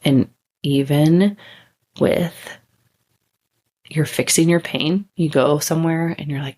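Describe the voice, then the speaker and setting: A woman's voice: low voice, steady tone, takes it slowly, pauses often, a little mellow. A woman podcast host telling a story in a candid, chatty way, with casual swearing and bursts of speed.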